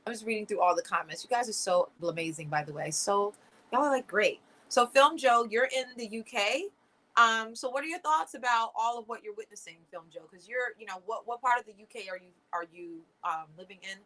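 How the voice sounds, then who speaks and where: A woman's voice: fairly high pitch, a little fast, pushed and bright, rough recording. A woman hosting a live watch party, talking to viewers in a sarcastic, exasperated and chatty way. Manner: sarcastic, exasperated running commentary, lots of "like" and "y'all". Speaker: livestream host.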